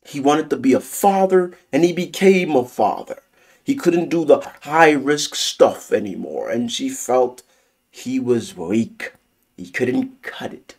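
A man's voice: mid-range voice, lively intonation, slow pace, darkish tone, slightly rough. A man giving a casual, theatrical spoiler review of a series, swearing freely as he talks.

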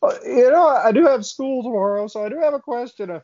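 A man voicing an eager young male part-timer with a craving for fire, giggly and excited, in a slightly muffled recording. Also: extremely high pitch, fast, voice pushed up. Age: young adult.

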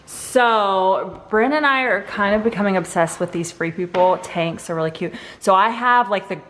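A middle-aged woman talks in a chatty, rambling, upbeat way, like a mom filming a family vlog at home. Her voice sits at an ordinary middle pitch for a woman. Behind her is a faint hiss of noise. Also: moderate pace, a bit bright. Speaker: family vlogger, mother. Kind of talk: casual vlog chat.

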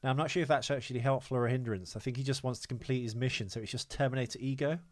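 A man's voice: mid-range voice, fairly even intonation, very fast. A man hosting a podcast, rambling with many fillers while explaining film trivia. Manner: rambling, hesitant, lots of fillers. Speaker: podcast host. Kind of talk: casual chat.

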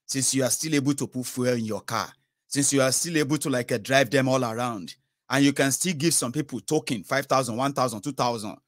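A man's voice: medium pitch, fairly quick, fairly bright tone, dry recording, clean studio sound. A man giving commentary and explaining recorded phone calls. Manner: explaining, re-enacting quotes.

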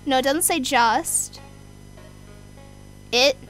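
A young woman commenting on a horror game, easily scared, swearing, shouting and joking at the screen. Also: sits high, extremely slow, soft background music. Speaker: gamer.

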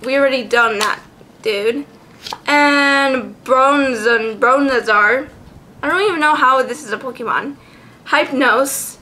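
A woman vlogger chatting casually, giggly and excitable, swearing freely as she goes. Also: high voice, slow. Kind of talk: casual chat.

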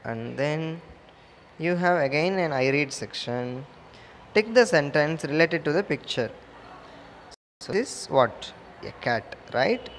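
A man with an Indian English accent talks young pupils through a picture-book lesson, very slowly and simply. His voice sits a little high for a man, and faint traffic hums behind him. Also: animated. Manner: slow, simple, repeats words for children. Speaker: teacher. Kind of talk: reading through a textbook page for young pupils.

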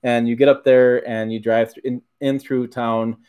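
A man's voice: mid-range voice, little pitch movement, normal speed, mellow, smooth. Middle-aged michigan guy hosting a livestream, rambly, keeps correcting himself, regular mid voice. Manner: rambling, self-correcting, chuckles often. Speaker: livestream host. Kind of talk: casual livestream chat answering viewers.

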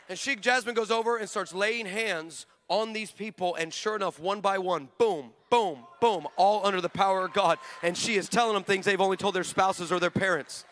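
A male pastor preaching a sermon, telling stories with lively energy, acting out the people in them, and bursting into shouts. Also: sits high, normal speed, hardly any pauses, a little hiss or hum. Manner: acts out the people in his stories.

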